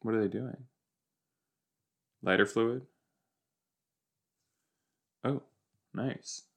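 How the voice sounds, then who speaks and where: A man's voice: lowish voice, very slow, creaky, a bit bright. A young man in casual reaction commentary, rambling and joking as he reacts to a TV episode. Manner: chatty, rambling, jokey, puts on silly voices. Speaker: podcast host reacting to a TV episode.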